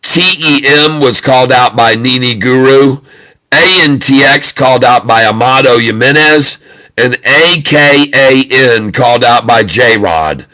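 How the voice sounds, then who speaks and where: A loud, excitable man hosting a live trading stream, with a bright, forceful tone. He hammers his points home by repeating them over and over. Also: mid-range voice. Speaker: day-trading livestream host.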